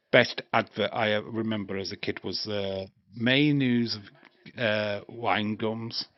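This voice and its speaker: A man's voice: on the low side, fairly even intonation, measured pace, no echo. A man, hosting a live stream with crude jokes, rambling chat and frequent laughter. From England. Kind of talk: casual live watch-along chat. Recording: dry, slightly dull stream mic.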